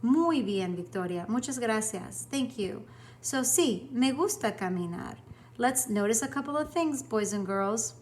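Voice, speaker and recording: Encouraging woman teacher, fairly high voice, clear and upbeat, recorded lesson with a faint background hiss. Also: animated. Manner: upbeat, clear and encouraging, slowing down to model example sentences. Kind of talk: recorded Spanish lesson for students.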